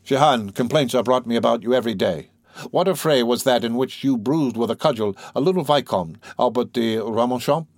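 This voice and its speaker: A man's voice: medium pitch, fairly quick, darkish tone, no echo, clean studio sound, natural voice. A man reading as a cold, lecturing archdeacon. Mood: stern. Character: stern older male archdeacon, severe and cold.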